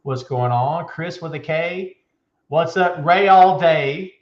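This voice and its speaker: A man hosting a live show, loud, joking and hyped, talking from an office with a bare floor and a window. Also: fairly high pitch, slow pace. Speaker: show host. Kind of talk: live show, casual chat. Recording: echoey room, dull lo-fi sound.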